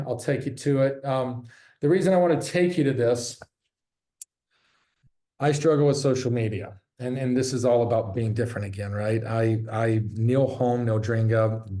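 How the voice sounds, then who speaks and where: A man's voice: mid-range voice, mellow. A man who sells real estate, giving a casual, candid talk from his office, joking and swearing freely. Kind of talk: casual presentation. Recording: roomy echo.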